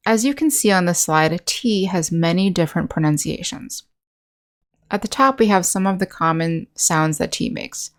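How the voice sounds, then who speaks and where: An American woman, an English teacher, narrating an online lesson in a clear, patient way and slowly demonstrating sounds. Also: lowish voice.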